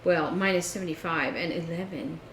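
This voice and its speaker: Co-host, woman, animated storyteller, echoey room. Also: on the low side, normal speed. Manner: animated storytelling, acts out phone calls. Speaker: podcast co-host. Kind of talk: casual chat. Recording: echoey room with faint noise.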